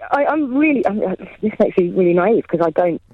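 A woman's voice: mid-range voice, expressive, brisk, narrow, tinny audio. A woman chatting casually as a radio guest, laughing often and sounding self-deprecating. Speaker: guest, mother of three.

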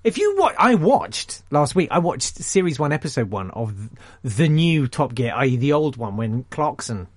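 A man's voice: medium pitch, very animated, moderate pace, hardly any pauses, no room sound, studio quality. A man hosting a radio show, chatting casually in a rambling, jokey, self-mocking way. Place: radio studio. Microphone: studio microphone.

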